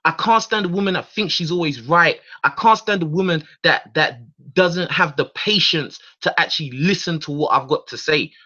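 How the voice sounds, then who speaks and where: A man's voice: fairly high pitch, moderate pace, bright, forceful tone. A man hosting his own radio show, ranting in a heated, profane monologue full of repeated words and restarts. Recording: dull lo-fi recording.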